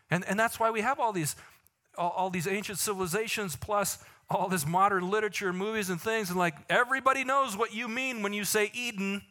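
A male pastor delivering a sermon with a bright, forceful tone and a voice pitched a bit high. He jokes with the congregation, then slows right down to stress a point. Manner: animated, joking asides, slows for emphasis.

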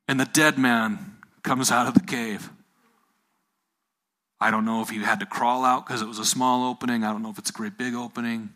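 A man delivering a sermon to a room full of listeners. He retells the story in his own words, repeats key phrases and throws questions out to the crowd. His voice is bright and forceful, at an ordinary middle pitch. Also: fairly even intonation, normal speed. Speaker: preacher. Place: room with a live audience.

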